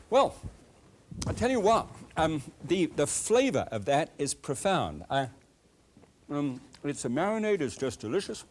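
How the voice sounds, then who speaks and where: An older man from England with an English accent, hosting a cooking show in a chatty, animated way, tasting food as he talks. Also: a little high, slow, long pauses, a little hiss or hum. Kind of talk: cooking demonstration chat.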